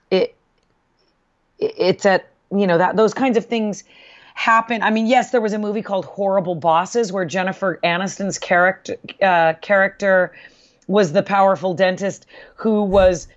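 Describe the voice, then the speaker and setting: A woman's voice: mid-range voice, normal speed. A woman co-hosting a podcast, speaking earnestly with hesitations in casual chat. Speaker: podcast co-host. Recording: slightly dull sound.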